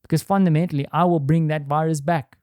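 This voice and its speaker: A middle-aged man thinking out loud in a candid, rambling solo monologue, restarting sentences and swearing now and then. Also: fairly high pitch, steady tone, fast talker, smooth, no room sound, clean studio sound. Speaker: podcast host. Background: quiet home.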